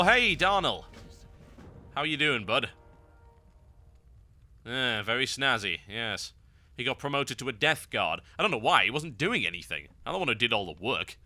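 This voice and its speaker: A man's voice: fairly low pitch, bright, forceful tone, no room sound. A man hosting a game guide, giving wry, sarcastic gameplay commentary.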